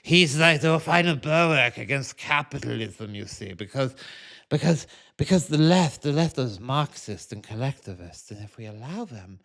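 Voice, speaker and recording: A man's voice: medium pitch, lively intonation, normal speed, a bit bright, pitched above the performer's own voice. A smug, self-righteous Trump supporter lectures in a raised, sing-song voice, put on by a mocking man. The tone is preachy and superior throughout.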